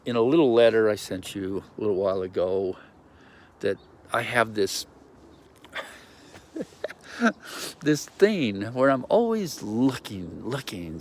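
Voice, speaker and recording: A man's voice: lowish voice, slight background noise. A man rambling in a casual video message recorded outdoors on a handheld phone, drifting between thoughts with many ums and restarts. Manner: meandering, self-interrupting, lots of ums and restarts. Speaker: vlogger. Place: outdoors in a yard.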